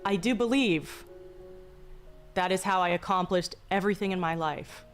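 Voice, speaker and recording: A young woman streaming, speaking in a slow, deliberately calm, mock-soothing way with a touch of vocal fry, joking with chat. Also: fairly low pitch. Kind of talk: casual live-stream chat. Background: faint background music.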